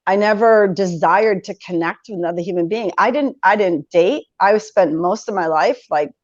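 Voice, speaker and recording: A woman in her forties, a podcast guest telling a personal story in conversation, animated and quick to laugh as she acts out her past reactions. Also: medium pitch, no echo. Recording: dull lo-fi sound, dry.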